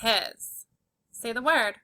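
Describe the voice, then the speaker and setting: Woman teacher doing a phonics lesson for little kids, slow and clear, bright tone. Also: on the high side. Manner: slow, clear, encouraging; sounds out letters one by one. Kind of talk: phonics reading lesson for young children.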